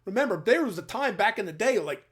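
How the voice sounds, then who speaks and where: Here a middle-aged military veteran from the New York/New Jersey area hosts an emphatic, no-nonsense opinion segment addressed to his viewers. He talks fast in a medium-pitched, expressive voice with a fairly bright tone.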